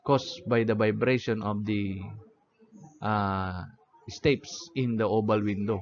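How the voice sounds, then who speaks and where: Slow, low-voiced teacher lecturing. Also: male voice, steady tone. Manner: repeats "okay?" and "no?" checking on listeners. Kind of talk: lecture on anatomy. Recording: dull lo-fi audio.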